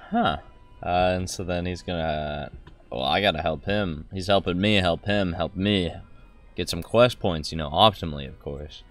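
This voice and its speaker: A man's voice: sits low, normal speed, fairly bright tone. A young man hosting a gameplay video, rambling and joking as he plays and acts out snippets of dialogue. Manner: jokey, rambling, with mock-dialogue asides. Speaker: gaming video host.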